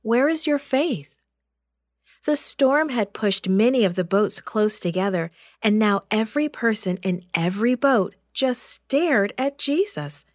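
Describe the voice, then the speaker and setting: A woman narrating a children's story in a gentle, expressive way, rising for dramatic moments. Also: mid-range voice, a little slow, hardly any pauses, no echo, clean studio sound.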